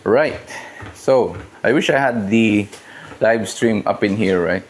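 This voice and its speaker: A man's voice: fairly low pitch, slow pace, slight background noise. Joking man hosting a home gym stream. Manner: joking, loose and rambling. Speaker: fitness livestream host. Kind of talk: casual live-stream chat.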